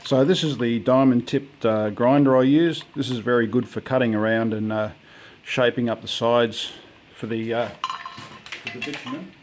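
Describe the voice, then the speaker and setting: Man, casual DIY walkthrough, rambling, filler-heavy, mid-pitched. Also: fairly even intonation, normal speed. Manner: rambling, many ums and restarts. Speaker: home DIYer.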